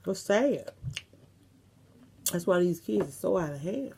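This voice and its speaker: A woman's voice: on the low side, animated, a little slow, gravelly, darkish tone, husky. A middle-aged woman vlogger, chatting casually and reminiscing to her viewers, with some salty language. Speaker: mukbang vlogger.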